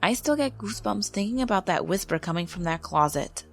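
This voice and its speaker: Female narrator, mid-range voice, steady scripted read, faint music bed. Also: mid-range voice, gravelly. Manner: calm, measured storytelling read. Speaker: narrator of paranormal stories. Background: faint background music.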